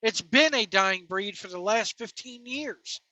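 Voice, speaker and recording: Host on a rant: bright, forceful voice, blunt and scornful, trading insults. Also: mid-range voice, animated, measured pace, no echo, poor audio. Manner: blunt, scornful, name-calling. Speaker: wrestling commentary host. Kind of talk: opinionated rant.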